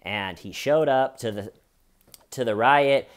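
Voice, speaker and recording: A man's voice: mid-range voice, takes it slowly. Sarcastic rambling male comedian. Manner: sarcastic, rambling, acts out quotes in mocking voices. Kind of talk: comedic commentary monologue.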